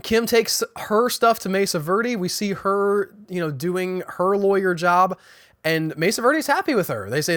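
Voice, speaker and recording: A man with a fairly high voice talks through a TV episode in a loose, chatty recap. He often trips over his words and restarts sentences, and he paraphrases what the characters said. The sound is close and dry, with no room echo. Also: expressive, measured pace, a bit bright. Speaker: podcast host recapping a TV episode. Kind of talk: casual spoken recap.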